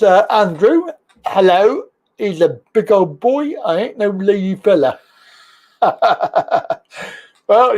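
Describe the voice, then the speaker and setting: High-voiced, unhurried host. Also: male voice, warm tone, lo-fi sound. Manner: chatty, reads viewer comments aloud, laughs often. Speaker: live-stream talk show host. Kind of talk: casual live-stream chat.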